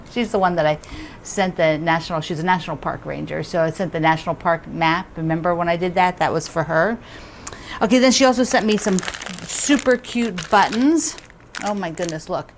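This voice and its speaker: Middle-aged woman doing a chatty unboxing, kinda low voice, giggly, keeps trailing off, faint noise behind. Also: normal speed. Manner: chatty and excitable, laughs often, trails off mid-sentence. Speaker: quilting channel host. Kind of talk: casual unboxing chat to camera.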